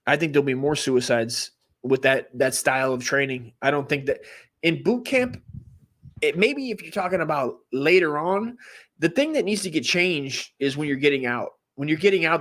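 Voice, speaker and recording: A man's voice: fairly high pitch, normal speed, fairly bright tone. A man telling a story in a casual, rambling way, cursing often and using lots of fillers, turning earnest when serious. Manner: profane, rambling, full of fillers. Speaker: comedy podcast host.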